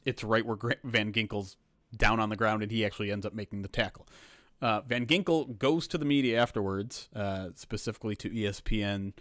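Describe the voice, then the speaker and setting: Low-voiced man chatting on a livestream. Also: a little fast, fairly bright tone, dry recording, clean studio sound. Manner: rambling, conversational, drops casual swears. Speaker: sports reporter hosting a livestream. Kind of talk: casual livestream chat.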